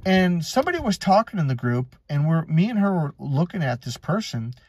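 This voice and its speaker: A man with a slightly high, husky voice gives a casual motivational talk as a coach. His pitch swings widely as he tells stories and acts out both sides of conversations, with frequent swearing. He is recorded close and dry, with no room sound. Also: big pitch swings, fairly quick, a little mellow, dry recording. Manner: blunt and profane, tells stories with acted-out dialogue. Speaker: life and relationship coach.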